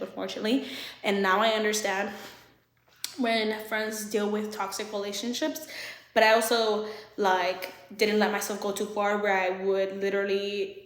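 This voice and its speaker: A young woman telling an animated, laughing story time full of swearing. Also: medium pitch. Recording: roomy echo.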